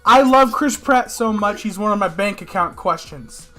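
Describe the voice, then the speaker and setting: A man co-hosting a casual podcast chat, excitable and jokey, quick to cut in. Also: high-pitched, faint music behind. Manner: excitable and joking, quick to interrupt. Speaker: podcast co-host.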